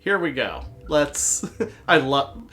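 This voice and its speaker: A woman's voice: extremely low pitch, sing-song, takes it slowly, fairly bright tone, soft background music. A woman hosting a casual let's-play, chatting and joking with frequent giggles. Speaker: game player host.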